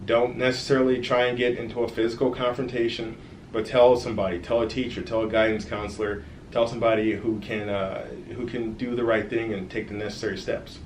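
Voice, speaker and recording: Male storyteller, kids' read-aloud, lively with direct asides; echoey room, faint hiss. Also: medium pitch, a little fast. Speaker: author reading his own book. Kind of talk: reading a children's story aloud.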